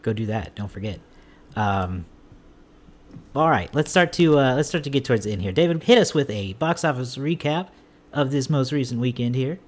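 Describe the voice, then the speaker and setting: A man's voice: mid-range voice, lively intonation, moderate pace. A man with a mid-range voice hosts a casual movie podcast. His humor is dry and sarcastic, and he sometimes puts on mock enthusiasm before handing off to his co-host.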